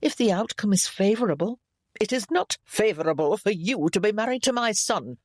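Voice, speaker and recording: A woman's voice: animated, moderate pace, no echo, clean studio sound, natural voice. A man voicing a haughty, domineering elderly noblewoman in an audiobook, speaking in a cold, imperious way. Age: older. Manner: cold, imperious, rising to shrill shrieks. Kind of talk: audiobook character voice.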